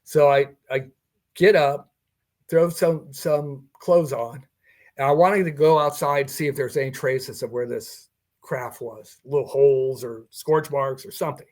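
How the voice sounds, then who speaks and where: A man's voice: medium pitch, fairly even intonation, measured pace, a little mellow. An older man telling a personal story in a podcast interview, acting out the dialogue and chuckling as he goes. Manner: recounting a personal encounter with quoted dialogue and chuckles. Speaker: guest.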